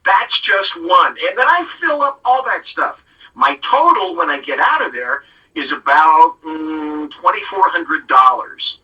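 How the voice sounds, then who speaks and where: A man's voice: on the high side, big pitch swings, measured pace, breathy edge, recorded from a distance, lo-fi sound. A middle-aged man hosting a casual talk show, rambling through stories and acting out what people said. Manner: rambling storyteller who acts out quotes. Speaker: show host.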